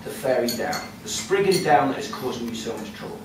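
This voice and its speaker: A man's voice: medium pitch, animated, a little fast, distant mic, voice pushed down, close to an everyday voice. A man telling a folk tale, voicing a no-nonsense village witch woman who gives commanding advice. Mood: stern. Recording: echoey room heard from afar with noise.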